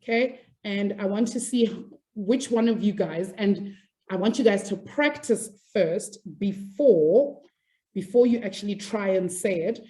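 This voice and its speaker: A woman's voice: mid-range voice, unhurried, warm tone. A woman teaching a maths class online, upbeat and chatty, apologizing and laughing easily as she explains.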